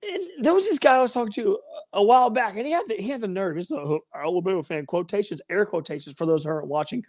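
A woman's voice: mid-range voice, animated, fast talker, hardly any pauses, a little mellow, no echo, studio quality. A woman co-hosting a casual sports chat, ranting and mocking rival fans. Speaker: podcast co-host.

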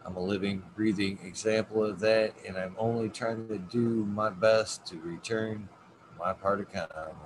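A man hosting a long livestream show, talking casually, swearing often and chuckling as he signs off. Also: fairly low pitch. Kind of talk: casual chat. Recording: noisy background hiss.

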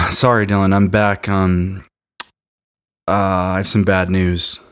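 A man co-hosting a casual comedy chat, with a deadpan, mock-serious delivery. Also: sits low, unhurried. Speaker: podcast co-host.

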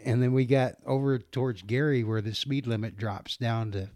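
A man's voice: mid-range voice, steady tone, moderate pace, a little mellow, no echo. A middle-aged man spins a long, rambling trucking yarn in a loose, casual way, stumbling over restarts and laughing often. His voice sits in a middle register, and the recording is dry and close. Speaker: truck driver telling a story. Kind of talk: casual storytelling.

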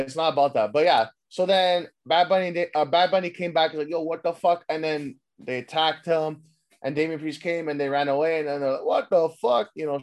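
Male podcast host, loose rambling recap, swears freely. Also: fairly high pitch. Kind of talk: casual recap chat.

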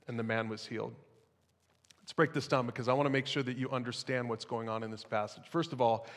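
A man's voice: mid-range voice, big-room sound. A man preaching a sermon as pastor, in a conversational style with casual asides to the congregation.

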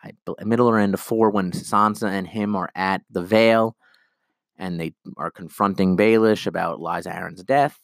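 A man hosts his own podcast alone, talking in a loose, rambling rant and slipping into quick impressions of characters. His voice sits on the low side, and the recording is dry and close with no room sound. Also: vocal fry, no echo. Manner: animated, rambling, acts out characters' lines. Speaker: podcast host.

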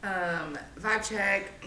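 A woman's voice: mid-range voice, pushed and bright, reverberant, low-quality recording. A woman co-hosting a podcast, telling stories in casual chat in a rambling, frank way. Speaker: podcast co-host.

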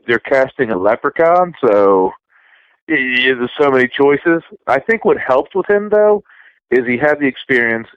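A man in his thirties, co-hosting a podcast, talking in a relaxed, meandering way with many restarts. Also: mid-range voice, no room sound, highs cut off. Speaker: podcast co-host. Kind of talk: casual chat.

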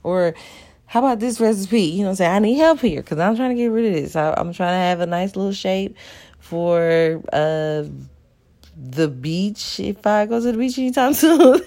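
A woman's voice: mid-range voice, lively intonation, moderate pace, warm tone. A woman and mother talking casually to viewers in a confessional monologue, chatty and profane, poking fun at herself. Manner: chatty, profane, self-mocking, addresses viewers as y'all. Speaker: mother and vlogger.

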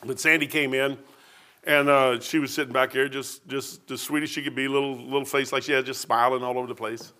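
A man's voice: medium pitch, flat delivery, brisk, pushed and bright. A man preaching a sermon in a church, telling folksy, self-deprecating stories with humor. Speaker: pastor.

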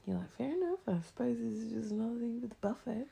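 Gravelly, lively young Australian woman. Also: fairly high pitch, fast. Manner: swears a lot, laughs often, reacts loudly. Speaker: adult daughter. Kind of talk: casual family chat.

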